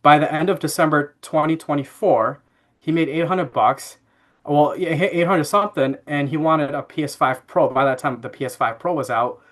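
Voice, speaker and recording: A man's voice: fairly high pitch, normal speed. Chatty man telling a family story. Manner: animated anecdote-telling with frequent fillers and laughs. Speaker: podcast guest. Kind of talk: casual interview storytelling.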